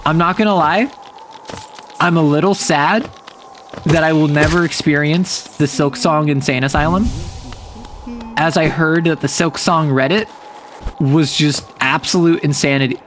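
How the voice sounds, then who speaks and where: A man's voice: fairly high pitch, steady tone, a little slow, pauses often. A man streaming a game, playfully musing and giggling as he plays. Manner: playful, giggly, muses aloud. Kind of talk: gameplay commentary. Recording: voice over loud game music.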